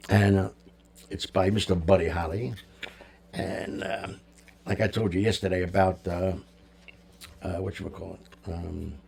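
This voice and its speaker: A man hosting a music talk show, rambling casually in an opinionated, jokey way. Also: sits low. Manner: chatty, opinionated, jokey, lots of fillers.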